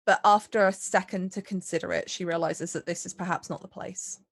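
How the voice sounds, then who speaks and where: A woman's voice: lowish voice, steady tone, brisk, gravelly, dry recording. A woman playing her character in a tabletop game, thoughtfully describing the character's feelings and actions. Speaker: player.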